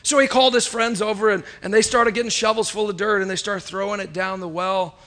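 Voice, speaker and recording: An American pastor's high-pitched, sharp voice keeps a steady tone as he briskly preaches a story-driven sermon. In typical preacherly rhythm, rising and falling, he asks the congregation questions.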